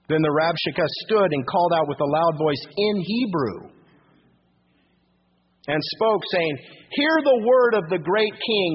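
A man preaching verse by verse, reading the scripture and then putting it into plain modern words. His voice is a bit husky, and it sits in a long, ringing reverb. The whole thing sounds like an older, muffled radio broadcast. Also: on the high side. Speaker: pastor. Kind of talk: verse-by-verse Bible teaching.

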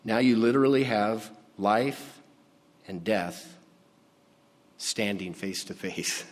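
Male pastor, sermon delivery, unhurried and emphatic, hushed on key words; reverberant church hall. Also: lowish voice, slight background noise. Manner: slow and emphatic, dropping to a hush on key words.

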